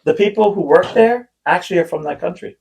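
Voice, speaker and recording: A man's voice: high voice, fairly quick, vocal fry, a little mellow, breathy edge. A man hosting a podcast, chatting casually and rambling through stories, breaking off and restarting his sentences. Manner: rambling storyteller who acts out quoted voices. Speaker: podcast host. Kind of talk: casual chat.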